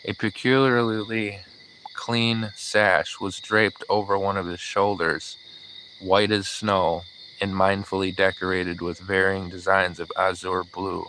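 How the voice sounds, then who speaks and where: A man narrating an audiobook in a measured, even storytelling manner. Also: low voice, slight background noise, rough recording. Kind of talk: scripted narration.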